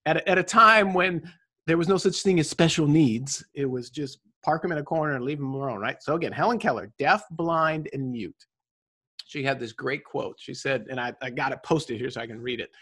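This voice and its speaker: A male guest in an interview who delivers life advice with a coach's energy, leaning on constant rhetorical "right?" checks. His voice sits a little higher than most men's. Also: a little fast, breathy edge. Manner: energetic, preachy, tag questions. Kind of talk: motivational conversation.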